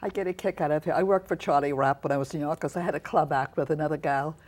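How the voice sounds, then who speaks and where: A woman's voice: sits low, fairly even intonation, quick pace, darkish tone. An older woman in a chatty interview, telling show-business stories and laughing easily. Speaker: guest. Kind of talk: conversational interview.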